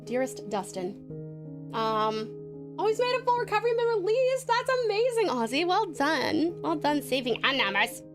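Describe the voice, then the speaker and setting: A high, bouncy woman streaming live, her pitch swinging all over as she giggles and chats with viewers. She moves between playful, casual banter and reading stories aloud. Soft piano music plays clearly behind her. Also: very animated, normal speed. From Tasmania, Australia.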